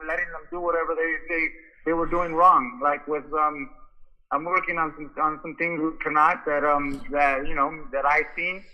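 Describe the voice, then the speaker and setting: This is a man who coaches boxers, chatting in a casual interview. His voice sits high and rings very bright and forward. He rambles through his stories and restarts his sentences as he goes. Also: steady tone, moderate pace, poor audio. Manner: rambling storyteller, frequent restarts. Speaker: boxing coach.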